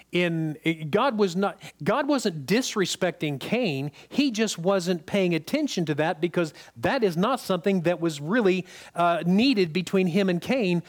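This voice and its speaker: A preacher with a high-pitched male voice delivers a sermon in an easy, conversational manner. He keeps asking the congregation whether they follow him and repeats words when he wants to stress a point.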